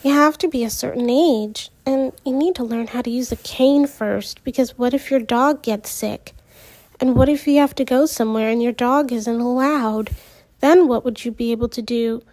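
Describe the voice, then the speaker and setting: A woman voicing Natalie, a calm, newly blind teenage girl who explains things in a measured way in a storybook reading. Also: on the high side, no room sound, natural voice. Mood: patient.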